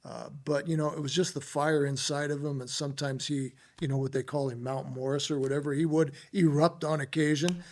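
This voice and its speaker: A man, a former ballplayer, telling stories as a podcast guest in an animated, rambling way full of "you know"s. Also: a little high, fairly quick, few pauses. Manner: animated, filler-heavy storytelling with many "you know"s. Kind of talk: casual storytelling interview.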